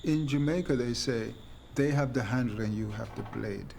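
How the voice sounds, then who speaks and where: Brief: man, mid-pitched and gravelly, thoughtful and measured documentary interviewee. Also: a little mellow, a little hiss or hum.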